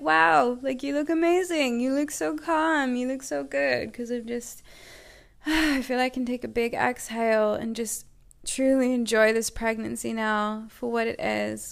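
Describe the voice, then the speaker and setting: A young woman shares a personal story with her viewers, chatty and full of fillers. Her voice sits a bit high but has a gravelly edge, and it comes across smooth and resonant. She sounds open and earnest about her feelings. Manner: chatty, with many "like" and "you know" fillers. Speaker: vlogger.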